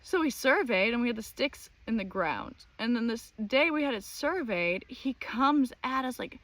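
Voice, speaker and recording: A woman's voice: high-pitched, normal speed, hardly any pauses, dry recording. Woman vlogger telling an exasperated story. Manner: animated, exasperated retelling with many fillers. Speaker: channel host. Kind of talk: casual storytelling monologue.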